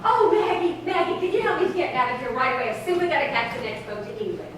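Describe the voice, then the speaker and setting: A woman's voice: high-pitched, very animated, fast talker, a crowd in the background. A woman playing a glamorous, vain stage actress in a live community theater show, effusive and laughing through her lines. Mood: excited. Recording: echoey stage from a far camera.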